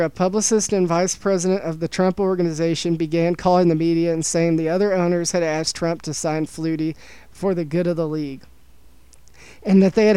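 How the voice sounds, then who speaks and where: A man with a high, smooth, resonant voice hosts a casual podcast. He tells a story from his notes and drops dry jokes along the way. The sound is close and dry, with no room behind it. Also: darkish tone, dry recording, rough recording. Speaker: podcast host presenting a story.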